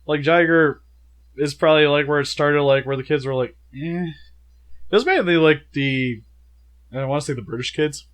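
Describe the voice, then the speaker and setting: A young man co-hosting a casual movie review, chatty and animated with lots of filler words, feeling sick. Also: fairly high pitch, moderate pace. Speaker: co-host of a movie review show.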